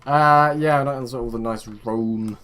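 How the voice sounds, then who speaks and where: A man's voice: mid-range voice, steady tone, slow, a bit bright. Rambling young man narrating his gameplay. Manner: rambling, talks to his game units, muttering asides. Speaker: gaming video host. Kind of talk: casual let's-play commentary.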